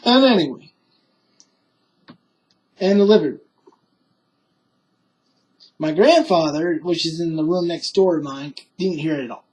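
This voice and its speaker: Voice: medium pitch, measured pace, long pauses, darkish tone, breathy edge, rough recording. A young adult telling a personal story in a casual, rambling way, swearing often and stumbling through fillers and restarts.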